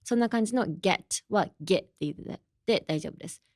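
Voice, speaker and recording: A young woman from Los Angeles, USA, talks fast at medium pitch, slightly mellow, in a studio-quality recording with no echo. Hosting a casual podcast language lesson, she's chatty, moves comfortably between English and Japanese, and explains with examples.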